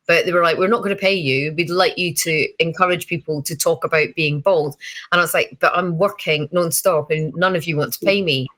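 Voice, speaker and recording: Woman, fifties, bright tone, chatty, laughs a lot, acts out voices. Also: lowish voice, fairly even intonation, moderate pace. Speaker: guest. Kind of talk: casual interview chat.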